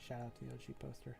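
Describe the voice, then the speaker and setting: A man's voice: mid-range voice, gravelly, dark tone, slightly rough. A young man chatting casually as he streams, rambling and laughing often. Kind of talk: casual chat while mapping.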